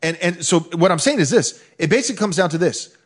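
A man's voice: sits high, lively intonation, quick pace, husky. A man co-hosting a podcast, often agreeing with his partner and making his point with quoted lines. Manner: affirming, quotes scripture while arguing. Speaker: podcast co-host. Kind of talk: conversational commentary.

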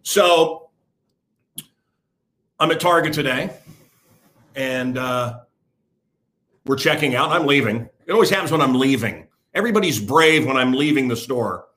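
A man's voice: medium pitch, animated, a little slow, long pauses, a bit bright. An older man hosting his own show, talking blunt and rambling in a casual monologue to camera. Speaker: host.

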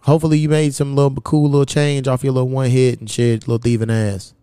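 A young man from hosting a podcast, telling loose, profane stories in casual chat and jumping his pitch high when he quotes someone. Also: flat delivery, fast, mellow, smooth, dry recording, studio quality. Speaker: podcast host.

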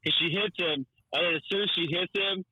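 A man's voice: high-pitched, a little fast, pushed and bright, dry recording, rough recording. A man co-hosting a podcast, chatting eagerly and adding his own memories of the episodes. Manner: eager, chatty, adds recollections and laughs. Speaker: podcast co-host. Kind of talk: casual chat.

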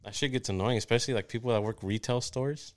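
A man's voice: mid-range voice, fast. A man hosting a casual podcast, laid-back and jokey, swearing freely. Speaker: podcast host.

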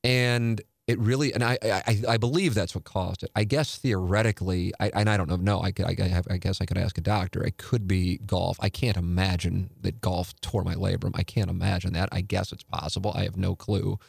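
Low gravelly man in casual chat. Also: fairly even intonation, fairly quick, few pauses, no room sound. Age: 40s. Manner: rambling, self-interrupting, candid and profane. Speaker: podcast host.

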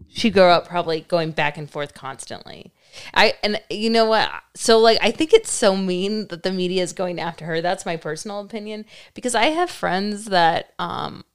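Smooth-voiced woman co-hosting a chat podcast. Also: fairly low pitch. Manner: easygoing, hesitant, laughs often. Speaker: podcast co-host. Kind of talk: casual chat.

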